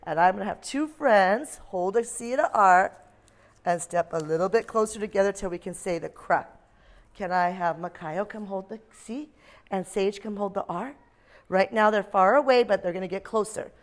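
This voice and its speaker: A woman's voice: mid-range voice, moderate pace. A woman teacher leading a classroom phonics lesson for young children, sounding out letter blends and reading them a story.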